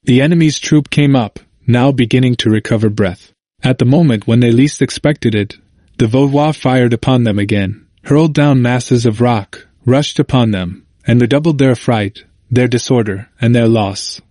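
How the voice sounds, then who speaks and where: A man narrating a history audiobook in a measured, formal manner. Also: medium pitch, warm tone, no room sound, clean studio sound.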